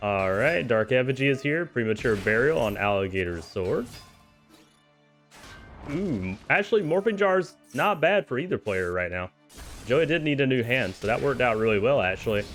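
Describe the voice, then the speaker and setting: A man giving casual, excitable play-by-play commentary on a card game tournament, chuckling often and cheering the players on. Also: mid-range voice, moderate pace, faint music behind.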